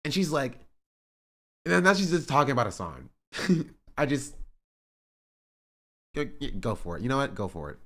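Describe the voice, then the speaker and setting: A man's voice: mid-range voice, lively intonation, normal speed, long pauses, a bit bright. A male streamer in casual chat, reacting to online drama in a rambling, exasperated way with many filler words.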